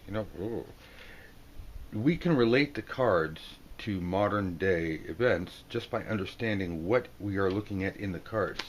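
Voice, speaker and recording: A man with a fairly low voice runs a casual video lesson on reading tarot cards. He is playful and jokey, breaking into silly voices for the people on the cards. Faint room ambience sits under his voice. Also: animated, slight background noise. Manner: playful, jokey, acts out card characters in quick silly voices. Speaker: tarot teacher.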